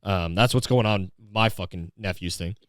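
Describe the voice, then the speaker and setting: A young man holds forth on his podcast in a crude, mocking rant, slipping into put-on voices when he quotes people. His voice is smooth and resonant, recorded close and dry with no room sound. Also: low-pitched, moderate pace, fairly bright tone, dry recording. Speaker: podcast host. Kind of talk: profane comedic podcast rant.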